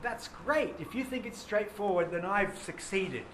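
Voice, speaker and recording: A male teacher with a high, bright voice teaching a poetry lesson, quizzing his class and reading lines slowly. He sounds lively and questioning. The bare classroom gives his voice a strong echo, with a faint hum behind it. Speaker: English teacher. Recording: echoey classroom with faint noise.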